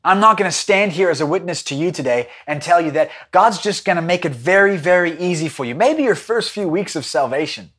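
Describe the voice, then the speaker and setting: A South African man preaches a Bible study, telling stories dramatically and swinging between excited and hushed delivery. His voice is high-pitched and a little fast, with hardly any pauses.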